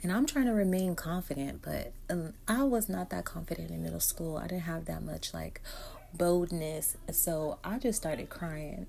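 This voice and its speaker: A woman's voice: on the low side, creaky, a little hiss or hum. A woman hair vlogger telling a casual storytime while she does her hair, acting out each quote with energy. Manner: animated storyteller who acts out every quote.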